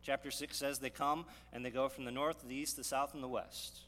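A man's voice: mid-range voice, steady tone, a little fast, fairly bright tone. A male pastor preaching a sermon, teaching verse by verse with rhetorical questions and frequent restarts. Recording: long reverb of a hall, faint hum.

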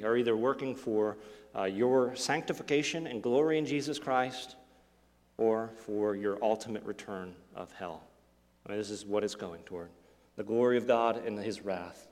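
A man preaching a sermon in a church hall, and his voice trails off into a long reverb. He tells stories and briefly acts out the voices of the people he quotes. His pitch sits in a middle register. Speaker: pastor.

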